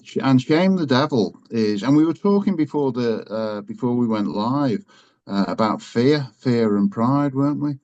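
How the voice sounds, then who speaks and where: A man, a guest in a frank conversation, talking haltingly with many fillers and restarts, laughing easily and swearing now and then. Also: medium pitch, lively intonation, darkish tone. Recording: slightly dull lo-fi sound.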